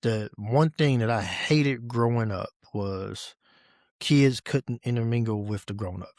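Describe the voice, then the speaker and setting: A man hosting a podcast in casual conversation, relaxed and repeating key phrases for emphasis. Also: mid-range voice, unhurried, dry recording, studio quality. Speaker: podcast host.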